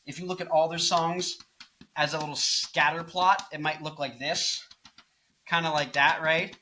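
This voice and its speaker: A man's voice: on the high side, fairly even intonation, moderate pace, bright, forceful tone, slight background noise. A man in his twenties, a rock guitarist and singer, giving casual music commentary and thinking aloud as he explains. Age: 20s.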